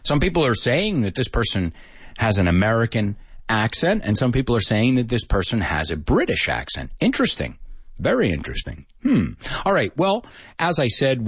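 Lively husky male English teacher. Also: mid-range voice, no echo, clean studio sound. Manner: lively, mixes in Spanish, laughs often. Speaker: English teacher hosting a live class. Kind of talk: casual live-stream lesson.

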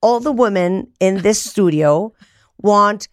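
Speaking slowly with a medium-pitched voice, a talk show host from Mexico jokes around with her guest. The chat is lively, and she often breaks into laughter.

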